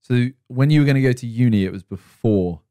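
A man's voice: medium pitch, brisk, mellow, no echo. A man co-hosting a podcast, teasing the others with dry quips. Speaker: podcast co-host. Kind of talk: casual podcast chat.

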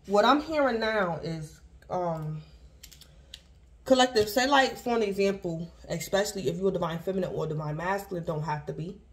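A woman's voice: fairly low pitch, normal speed. Woman, tarot reader, casual and rambling, repeats herself, speaks to the collective. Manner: rambling and repetitive, addresses the collective; speaks in loose restarts, circling back to one point. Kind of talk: casual tarot reading to viewers.

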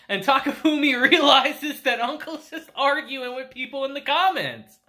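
A woman's voice: high voice, expressive, normal speed, hardly any pauses, sharp tone. A woman casually recapping an anime episode, laughing often and using slang and profanity. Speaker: anime reviewer.

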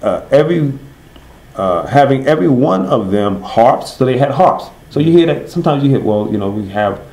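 A man leads a Bible study, quizzing his class and then answering his own questions. He slows right down to read verses, leaning on each word. His mid-pitched voice rings around an echoey room. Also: lively intonation, vocal fry, a little mellow. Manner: reads verses slowly and stresses each word. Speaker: Bible teacher.

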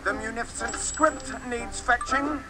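A man's voice: very high-pitched, a little slow, loud music behind the voice, low-quality recording. A man voicing a pompous, grandiose male theatre impresario in video game dialogue, speaking in florid, tangled words. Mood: grandiloquent. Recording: game audio under loud noise.

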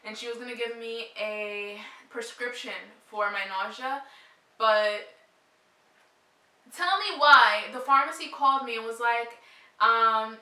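A woman's voice: on the high side, steady tone, moderate pace, bright, forceful tone, echoey room, recorded from a distance, low-quality recording. A young woman vlogger chatting casually to camera, short of breath, with a lot of "like" and "um". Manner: chatty, frequent "like" and "um" fillers.

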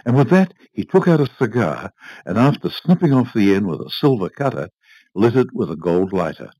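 Low-voiced man reading a story. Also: no room sound, rough recording. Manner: measured, expressive storytelling. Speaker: reader. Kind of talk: audiobook narration.

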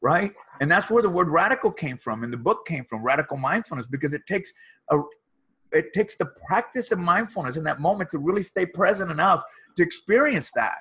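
A man's voice: on the high side, animated, a little fast, pushed and bright, slightly rough. A man, a motivational speaker and author, earnestly telling a personal story as a guest in an interview.

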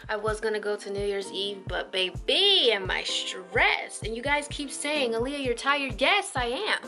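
A woman's voice: expressive, a little slow, pushed and bright, faint music behind. A young woman vlogging casually to her viewers, chatty and informal, just woken up. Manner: chatty, switches to high baby talk for her puppy. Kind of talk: casual vlog chat.

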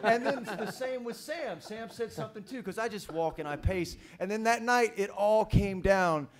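A man on a press conference panel telling a story about acting, animated, swearing and repeating words. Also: sits high, moderate pace.

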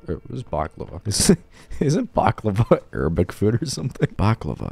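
A man's voice: on the low side, very animated, fast talker, vocal fry, darkish tone, husky. A young man giving casual, sweary, self-deprecating commentary while playing a video game, rambling and laughing at his own jokes. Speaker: gaming YouTuber.

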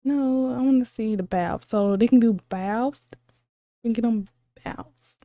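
A woman hosting a reaction video, gushing with excited, squealing exclamations and repeating herself, a little sleepy because it is late at night. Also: on the high side, measured pace, dry recording, studio quality. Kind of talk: excited casual reaction commentary.

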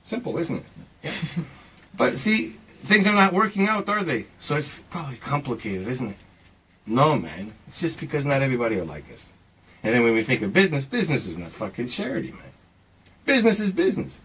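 A man's voice: mid-range voice, sing-song, fairly quick, a bit bright, husky, rough recording. A man in his forties in a casual, rambling monologue, swearing often and talking emphatically as he philosophizes, calling the listener "man". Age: 40s. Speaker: speaker sharing personal views.

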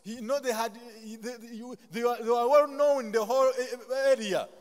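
A man's voice: very high-pitched, steady tone, normal speed. Ugandan man preaching in a reverberant chapel. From Buganda, Uganda. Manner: call-and-response, leaves sentences open for the congregation to finish; humorous asides with self-deprecating jokes. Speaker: pastor. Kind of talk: sermon.

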